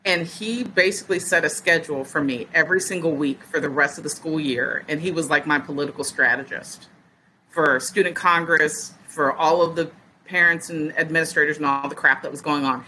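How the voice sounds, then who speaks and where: A woman's voice: low-pitched, brisk, bright, forceful tone, a little hiss or hum, rough recording. A woman in her forties, a podcast guest telling a story in casual chat and acting out other people's words as she goes.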